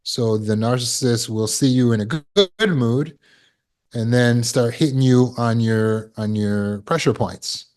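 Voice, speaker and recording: A man's voice: mid-range voice, a little slow, a little mellow. A man giving a spoken lesson to an online audience. As a healing course teacher, he asks rhetorical questions and repeats words while he thinks.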